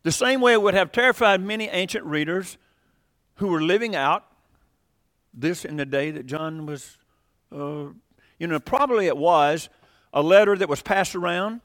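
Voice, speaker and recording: A middle-aged man with a drawl leads a relaxed Bible study. His voice sits fairly high for a man and sounds close and dry. He drifts between points and keeps turning questions back to the class. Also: normal speed, long pauses, no room sound. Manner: folksy, rambling, asks the class questions. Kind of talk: casual Bible class teaching.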